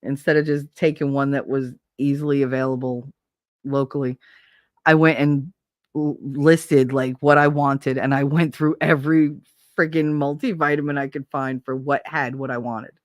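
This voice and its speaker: A woman's voice: extremely low pitch, fairly even intonation, normal speed, dry recording, clean studio sound. A woman streamer in casual live-stream chat, rambling and candid, swearing freely and laughing often.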